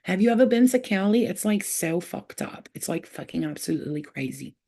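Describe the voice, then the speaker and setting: A woman's voice: medium pitch, lively intonation, brisk, warm tone. A woman hosting a casual spiritual livestream, rambling and profane with street slang, and often telling viewers she loves them.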